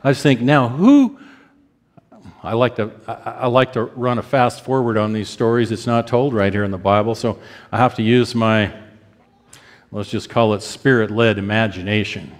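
Fifties male preacher, emotive delivery, voice lifts high at peaks, recorded in a reverberant hall. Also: moderate pace. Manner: emotive, rises to high pitch when stirred; acts out prayers of repentance. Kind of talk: sermon.

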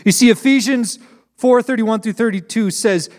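A man's voice: extremely high pitch, moderate pace, darkish tone. A young man preaching a sermon and telling a personal story in an earnest storytelling manner, laughing at himself at times. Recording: long hall reverb.

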